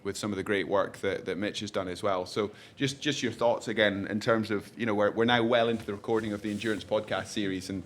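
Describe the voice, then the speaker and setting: A man hosting a live podcast conversation, talking quickly with many restarts and rambling asides. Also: lowish voice, fairly even intonation. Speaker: podcast host. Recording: faint ambient noise, live event.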